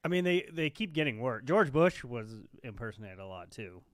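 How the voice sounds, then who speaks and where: A man's voice: mid-range voice, big pitch swings, fairly quick, no room sound, clean studio sound. A man co-hosting a podcast in casual chat, laid-back and brief in his replies. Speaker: podcast co-host.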